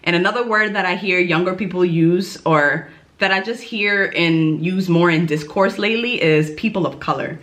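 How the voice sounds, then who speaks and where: A woman's voice: fairly low pitch, normal speed, a bit bright. A young woman from New York talking casually to her viewers in a chatty, self-deprecating vlog. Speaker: YouTuber teaching German.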